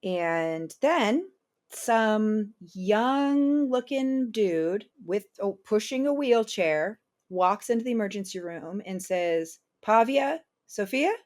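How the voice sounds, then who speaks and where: A woman in her thirties, a podcast guest telling a personal story in an animated way and acting out the dialogue. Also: mid-range voice, takes it slowly, dry recording, clean studio sound. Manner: animated, acts out quoted dialogue.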